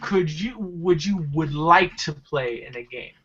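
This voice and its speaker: Bright, animated high-voiced man. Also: a little slow. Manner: excitable, laughs often, stumbles over words. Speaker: podcast host. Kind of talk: casual group chat. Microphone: online video call. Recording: lo-fi online call audio with faint noise.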